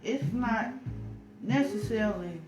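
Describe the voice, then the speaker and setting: A woman co-hosting a live relationship talk stream, animated and acting out what people say. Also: fairly high pitch, a little slow. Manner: animated, acts out quoted lines. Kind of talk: casual live-stream chat. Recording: roomy sound with guitar music behind.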